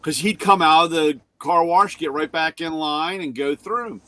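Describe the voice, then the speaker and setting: A man's voice: fairly high pitch, unhurried, bright, forceful tone, dry recording. A man who runs a car shop, co-hosting a casual show and telling a rambling story that he often corrects as he goes. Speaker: show co-host; shop owner.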